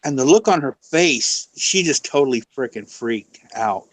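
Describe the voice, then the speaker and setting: A man's voice: mid-range voice, lively intonation, normal speed, dry recording, low-quality recording. A man chatting as a guest on a live stream, telling a long rambling story and acting out the quotes. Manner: rambling anecdote full of "you know", acting out quotes. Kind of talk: casual storytelling chat.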